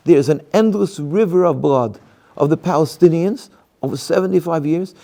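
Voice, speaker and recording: Emphatic man with a gravelly voice. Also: fairly high pitch, dark tone. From United States. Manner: emphatic, argumentative, many restarts and rhetorical questions. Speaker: interviewee, activist. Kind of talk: impassioned interview answers.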